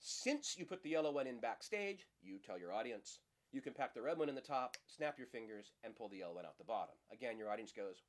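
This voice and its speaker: A middle-aged man explains a magic trick in a relaxed, hands-on lesson. His voice sits at a middle pitch but moves through a very lively range. He keeps a playful tone as he talks the viewer through each move. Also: fast, hardly any pauses. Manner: lively, playful, acts out audience lines in high voices. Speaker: magic teacher. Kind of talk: casual demonstration lesson.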